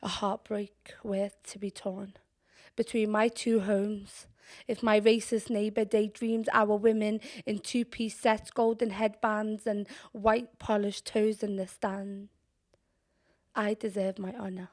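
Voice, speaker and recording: A young woman with a Scouse accent performing spoken-word poetry in a measured, deliberate way, sometimes dropping to a whisper. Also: mid-range voice, flat delivery, a little mellow. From Liverpool, England. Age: young adult. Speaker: poet.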